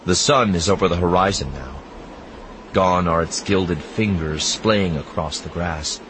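A man narrating an audiobook in a measured, expressive storytelling manner. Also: sits low, a little hiss or hum, poor audio.

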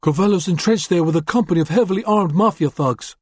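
A man doing a high, cautious gang lieutenant. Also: fast talker, darkish tone, breathy edge, no echo. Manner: cautious, earnest.

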